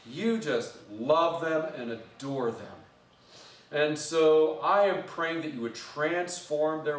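A man, a pastor, preaching a sermon with earnest storytelling that often drops to a soft, intimate hush. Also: a little high. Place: church sanctuary. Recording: roomy church sound, mic at a distance.

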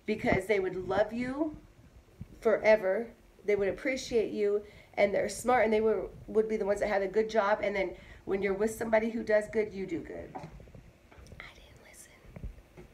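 A woman in her thirties, a mother who sounds hoarse from bronchitis, talking in a chatty, emphatic way and repeating herself in a casual monologue. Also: medium pitch, steady tone, normal speed, a little mellow, slight background noise, poor audio. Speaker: mother vlogging.

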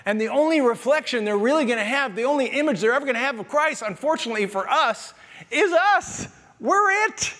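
A Canadian pastor preaching a sermon to his congregation in a lively, conversational way, with jokes and asides to the people in the pews. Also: very high voice, fast, few pauses, in a large hall. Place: church sanctuary.

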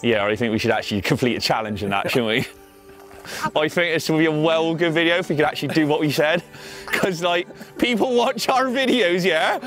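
Joking high-voiced man on the trails. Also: a little fast, a bit bright, soft background music. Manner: joking, self-mocking. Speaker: mountain bike video host. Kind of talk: casual banter. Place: outdoor trails.

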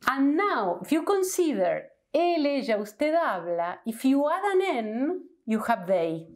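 A woman's voice: sits high, sing-song, measured pace. A woman with an Argentine accent, a Spanish teacher explaining grammar patiently at a whiteboard, checking in often with the class. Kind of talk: whiteboard language lesson.

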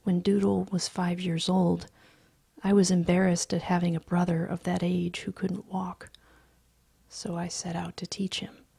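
A woman reading a story aloud in a hushed, breathy, soft-spoken voice. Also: lowish voice, flat delivery, a little slow, no echo. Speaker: story reader.

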